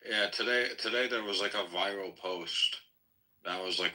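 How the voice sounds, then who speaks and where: A young man trading blunt jokes in a casual group chat. His voice is very low yet bright and forward. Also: moderate pace, poor audio. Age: young adult. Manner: blunt, joking.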